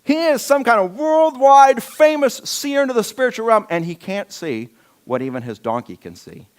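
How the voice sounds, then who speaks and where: Lively, story-telling male pastor. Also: very high voice, moderate pace, clear, resonant tone. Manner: humorous storytelling, acts out scenes. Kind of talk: sermon.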